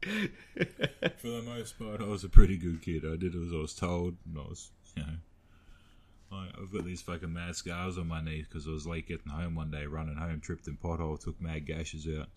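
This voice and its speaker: A man's voice: low-pitched, moderate pace, darkish tone, a little hiss or hum. A man, co-hosting a podcast with crude, joking banter. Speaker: podcast co-host. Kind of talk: casual chat.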